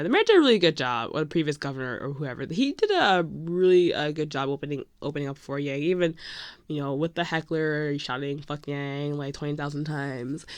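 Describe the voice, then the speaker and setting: A young woman recounts a story to her vlog camera in a breathless, gushing ramble, her voice sitting a little low. She leans on "like" constantly and flips between excited high squeals and hushed whispers. The sound is close and dry, with no room around it. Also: clear, resonant tone, dry recording. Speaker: vlogger.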